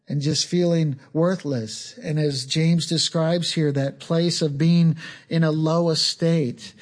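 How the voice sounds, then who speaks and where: A man's voice: a little high, a little mellow. Man giving an earnest sermon. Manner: earnest, unhurried teaching with small repetitions. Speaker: pastor.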